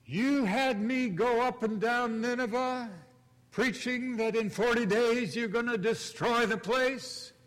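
Preacher acting out a furious self-righteous prophet. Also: male voice, very high-pitched, takes it slowly, pitched above the performer's own voice, heavily acted. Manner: ranting, raised and loud. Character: indignant angry male prophet, self-righteous. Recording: long reverb of a large hall.

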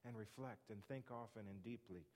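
A man's voice: on the low side, moderate pace, a little mellow. Earnest male pastor in a reverberant hall. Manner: earnest, repeats questions for emphasis. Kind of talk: sermon.

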